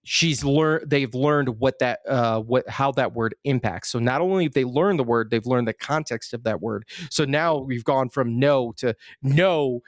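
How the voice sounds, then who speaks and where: A man's voice: mid-range voice, unhurried, few pauses, no echo. Explaining man, dry close sound. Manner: explanatory, with restarts. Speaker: podcast co-host. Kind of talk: casual chat.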